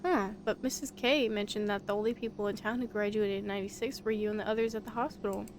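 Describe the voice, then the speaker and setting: A woman's voice: mid-range voice, fairly even intonation, fast talker, slight background noise, lightly acted. A woman voicing an earnest, inquisitive young investigator in a visual novel. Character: polite young investigator searching for someone.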